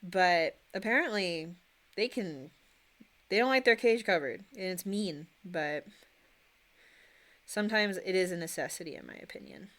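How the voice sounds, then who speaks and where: A woman's voice: lowish voice, measured pace, pauses often, a bit bright. A young woman streamer chatting casually and rambling while she paints miniatures and answers questions from chat.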